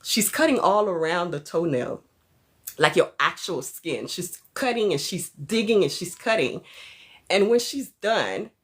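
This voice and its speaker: A woman's voice: fairly low pitch, expressive, unhurried. Chatty laughing woman livestreamer. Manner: chatty, laughs often, thanks viewers mid-sentence. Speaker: livestream host. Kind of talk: casual livestream chat.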